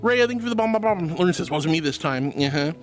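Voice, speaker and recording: A man streaming live who reads chat messages aloud and thanks viewers warmly, calling them honey and darling, with bursts of excited squealing. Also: fairly high pitch, fast talker, soft background music. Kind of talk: livestream chat reading.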